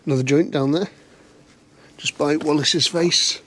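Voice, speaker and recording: A vlog host with a fairly high voice talks at a normal pace with fairly even intonation over a noisy background. Checking out an old car in a cold scrapyard, he keeps up wry, chatty commentary for the camera and mutters to himself.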